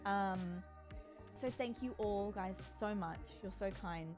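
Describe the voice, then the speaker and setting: A woman's voice: medium pitch, slow pace, over music. A woman streamer chatting casually with her live audience, full of "like" and "um" fillers and prone to startled shrieks. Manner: jumpy, letting out startled shrieks.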